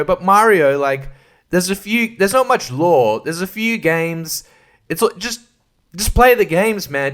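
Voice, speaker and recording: A man's voice: on the high side, fairly bright tone. A man hosting a solo podcast, rambling sarcastically, swearing a lot and laughing often. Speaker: podcast host.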